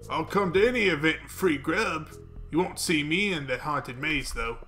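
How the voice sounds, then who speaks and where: A man's voice: fairly high pitch, moderate pace, bright, forceful tone, soft background music. A man reading the lines of a blunt older woman in a farming game.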